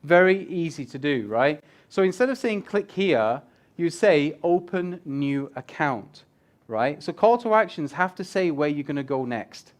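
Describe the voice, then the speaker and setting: This male guest speaker on user experience design has a slightly high voice and talks at a normal speed with few pauses. His casual presentation in an event room is lively and animated, full of jokes with the live audience and casual swearing.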